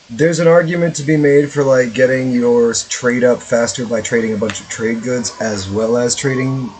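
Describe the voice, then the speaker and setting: A man's voice: medium pitch, unhurried, a little mellow, slight background noise, poor audio. A man casually commentating his gameplay as a streamer, rambling with lots of fillers and offhand swearing.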